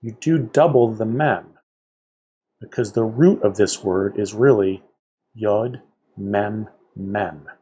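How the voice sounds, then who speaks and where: Male teacher, husky and low, unhurried, careful drill of vocabulary words. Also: mellow. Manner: slow, careful pronunciation with explanations. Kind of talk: vocabulary lesson read aloud.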